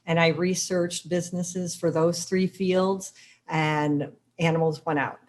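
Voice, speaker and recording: A woman's voice: lowish voice, flat delivery, a little slow, darkish tone. A middle-aged woman on a business panel, speaking with emphatic, encouraging conviction about running her own business. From Chicago. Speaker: dog daycare owner, panelist. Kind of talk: panel discussion.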